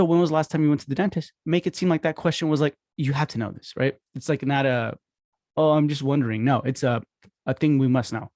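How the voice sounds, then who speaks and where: A man in a casual instructional talk who acts out phone calls with quick voice shifts. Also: mid-range voice, a little mellow, dry recording, studio quality. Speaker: podcast host teaching dental marketing.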